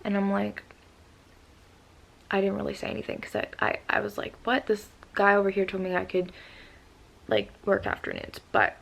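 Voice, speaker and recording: A woman's voice: mid-range voice, little pitch movement, fairly quick, vocal fry, fairly bright tone. A young woman in her twenties telling a storytime vlog in a rambling, casual way, upset after crying. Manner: rambling with many "like" fillers. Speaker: vlogger.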